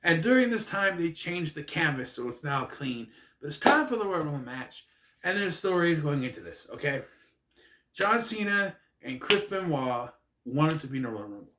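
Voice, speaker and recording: A man's voice: fairly high pitch, sing-song, normal speed, very noisy. A man rambling through a casual, jokey recap monologue with asides. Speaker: wrestling recap vlogger. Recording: echoey room.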